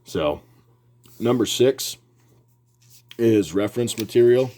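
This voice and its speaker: A man's voice: sits low, fairly even intonation, normal speed, a little mellow. A man talking casually about his hobby in his home workshop, rambling and plain-spoken with frequent restarts. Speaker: hobby video host. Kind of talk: casual how-to talk.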